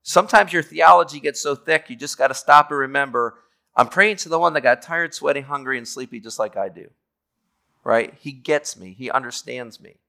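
A man's voice: medium pitch, lively intonation, moderate pace, creaky, bright, forceful tone. A man teaching a theology class in a conversational way, reading scripture aloud and explaining it, often checking in with "okay?". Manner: reads scripture aloud, then explains it plainly. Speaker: Bible teacher.

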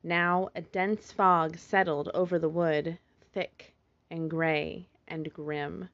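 A woman narrating a children's storybook in a steady, expressive read-aloud manner, in a slightly muffled recording. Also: low-pitched, takes it slowly.

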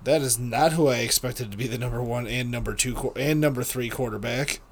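A young man co-hosting a casual fantasy football podcast, reacting quickly and laughing often. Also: medium pitch. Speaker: podcast co-host.

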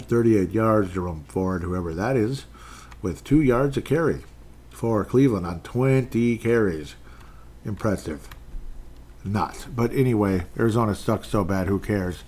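A man hosting a casual sports recap podcast, rambling and joking with asides as he runs through the scores. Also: lowish voice. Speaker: podcast host.

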